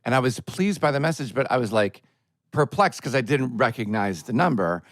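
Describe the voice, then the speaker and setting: Casting: animated man telling stories on a podcast, dry close sound. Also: medium pitch, moderate pace, no echo. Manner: animated, acts out quoted voices. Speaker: podcast co-host. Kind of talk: casual storytelling chat.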